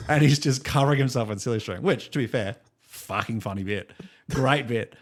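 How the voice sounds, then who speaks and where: A man's voice: mid-range voice, moderate pace. An Australian man co-hosting a music podcast, chatting casually and telling rambling stories with many fillers and laughs. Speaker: podcast co-host. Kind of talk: casual chat.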